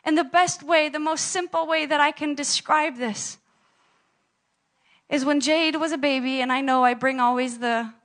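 A woman's voice: high voice, fairly even intonation, normal speed, a bit bright. A woman preaching a sermon to her church, telling personal stories with animation and laughing at herself.

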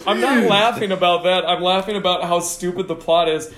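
Man podcast co-host, fairly high voice, roomy echo, chatty storyteller. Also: brisk, a bit bright. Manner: chatty storyteller, laughs often. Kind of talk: casual chat.

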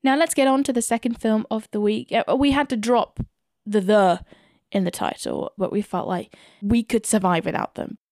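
A woman's voice: on the high side, moderate pace, a little mellow, dry recording. Chatty woman reviewing films. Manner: chatty, opinionated. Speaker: film podcast host. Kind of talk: solo film review podcast.

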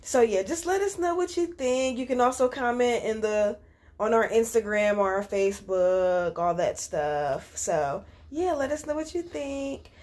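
A woman's voice: fairly high pitch, animated, unhurried, darkish tone. A woman co-hosting a casual podcast, talking in a chatty, rambling way with plenty of fillers. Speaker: podcast co-host.

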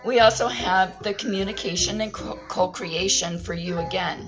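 A woman's voice: fairly low pitch, normal speed, music in the background, low-quality recording. Rambling woman doing a casual card reading. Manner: rambling, candid, swears casually. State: feeling scattered and confused. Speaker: tarot card reader.

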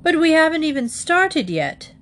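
A woman's voice: mid-range voice, sing-song, measured pace, gravelly, husky, exaggerated voice. A woman reading a storybook, voicing an exasperated middle-aged family father who echoes others in disbelief. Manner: incredulous, echoing.

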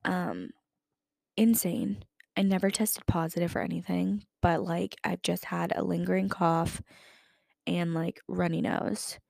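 Unhurried and flat in delivery, her voice sits on the low side, creaky and a little mellow, with clean studio sound and no room sound. She's in her twenties, hosting a casual podcast chat with lots of "like" fillers and a lingering cough.

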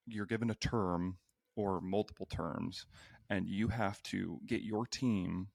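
Deep gravelly dude on a podcast, brash and sweary, dry close sound. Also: male voice, fairly even intonation, slow, no echo. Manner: brash, profane and joking. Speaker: podcast guest, healthcare worker. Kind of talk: casual podcast chat.

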